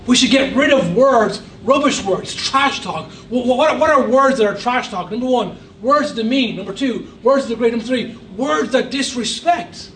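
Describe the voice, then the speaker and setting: A man's voice: very high voice, normal speed, hardly any pauses, a bit bright, echoey room, distant mic, slight background noise, low-quality recording. A man preaching a sermon as a guest pastor, emphatic with humorous asides. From Ireland. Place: church hall.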